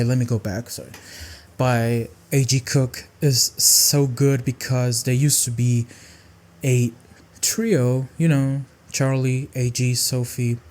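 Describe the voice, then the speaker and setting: A young man chatting casually through a song-by-song music review, rambling and expressive, with music playing behind him. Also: mid-range voice.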